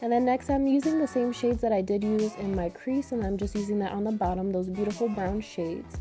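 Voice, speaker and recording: A young woman talks viewers through a makeup look, chatty and upbeat, calling them beauties and girl. Her voice is mellow and slightly rough from a recent illness, with faint music playing underneath. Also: medium pitch, brisk. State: getting over an illness, voice a bit harsh. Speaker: beauty vlogger. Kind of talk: makeup tutorial voice-over.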